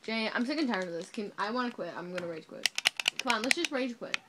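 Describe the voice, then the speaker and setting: A high-voiced woman chatting while gaming, her pitch bouncing widely as she cracks crude, playfully dramatic jokes. The recording is noisy, with keyboard clicks behind her. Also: animated, quick pace. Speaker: gamer. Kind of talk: casual chat while gaming.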